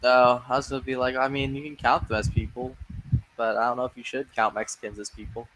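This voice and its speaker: A man's voice: medium pitch, level tone, quick pace, a bit bright, poor audio. A man in casual voice chat, offhand and joking, trailing off as he talks.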